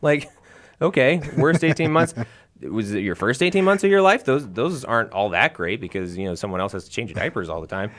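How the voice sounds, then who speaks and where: A man's voice: lowish voice, fast talker, hardly any pauses. Joking young man co-hosting a live show. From San Diego, USA. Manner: jokey, animated, mock-grandiose. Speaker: co-host. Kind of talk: casual live-stream chat.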